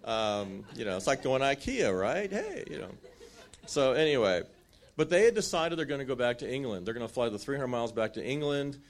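Male preacher, mid-range voice, relaxed storyteller acting out the scenes. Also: medium pitch, quick pace. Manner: animated storytelling with restarts and acted quotes. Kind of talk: sermon storytelling.

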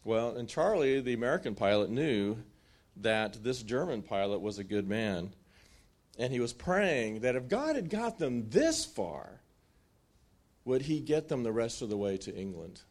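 A man telling a wartime story in a sermon, with lively acted-out asides and frequent restarts. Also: medium pitch, a little slow.

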